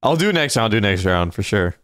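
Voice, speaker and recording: A man livestreaming a video game, chatting casually and reacting out loud as he plays. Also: lowish voice, big pitch swings, rapid-fire, slight background noise. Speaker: gaming streamer. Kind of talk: casual live gameplay commentary.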